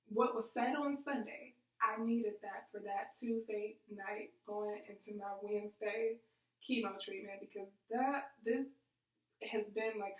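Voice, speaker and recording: A woman vlogger telling a personal story, emotional and rambling, full of "like" and "you know". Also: a little high. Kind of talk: candid personal storytelling to camera. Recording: echoey room, voice from a distance.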